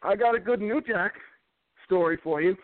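Man, high voice, rambling storyteller who stammers and repeats words, on a dry, tinny phone-quality line. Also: moderate pace, dry recording. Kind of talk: casual chat.

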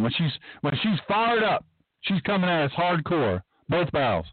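A man hosts a talk radio monologue in a somewhat high voice, pressing his points with emphasis and circling back to repeat them. The sound is thin and phone-like, with a dry, close quality and no room around it. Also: very animated, moderate pace, dry recording. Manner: emphatic, rambling, repeats himself. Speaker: podcast host.

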